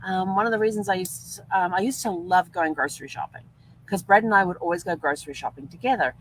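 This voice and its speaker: Chatty older woman host, lower voice. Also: quick pace, slight background noise, low-quality recording. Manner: chatty, rambling, laughs often. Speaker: podcast host. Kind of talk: casual storytelling monologue.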